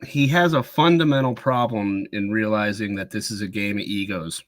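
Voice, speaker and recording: A man's voice: on the low side, moderate pace, no echo. A man co-hosting a sports podcast, giving blunt opinions in a casual chat. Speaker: podcast co-host.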